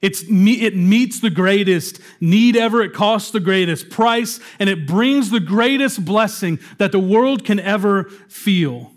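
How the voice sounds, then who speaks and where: A man pastor preaching a sermon in a conversational way, slowing down for dramatic pauses. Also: high-pitched.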